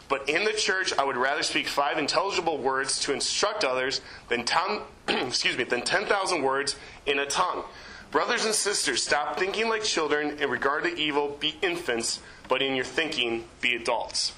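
A man in his twenties, a youth leader giving a chatty, animated sermon in a church, with lots of fillers. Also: fairly high pitch, moderate pace, roomy sound, rough recording. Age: 20s. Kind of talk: informal sermon.

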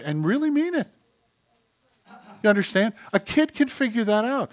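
A man preaching a sermon as a pastor, emphatic and direct, dropping into hushed tones when he voices other people. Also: high-pitched, sing-song, normal speed.

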